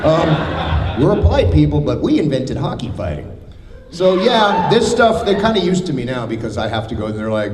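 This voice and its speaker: A man's voice: a little high, wildly swooping pitch, a little fast. A man from Canada joking and rambling on a convention panel, impish and prone to sudden silly voices. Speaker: voice actor convention guest. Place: large convention hall with an audience. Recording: echoey hall with crowd noise.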